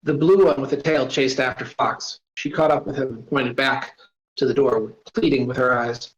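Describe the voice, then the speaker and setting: A man's voice: medium pitch, steady tone, normal speed. A man reading his own story aloud, casual, stopping to add asides and apologies. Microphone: voice-chat mic. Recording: roomy, dull voice-chat audio.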